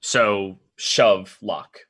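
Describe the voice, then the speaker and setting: A man's voice: on the low side, very slow, a bit bright. A man playing a tabletop game over a video call, asking the game master short, practical questions. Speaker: player. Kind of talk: casual tabletop play.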